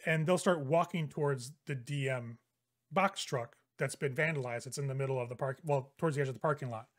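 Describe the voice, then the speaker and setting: A man's voice: mid-range voice, fairly quick. A man narrating as game master of a tabletop role-playing game, describing scenes loosely with fillers.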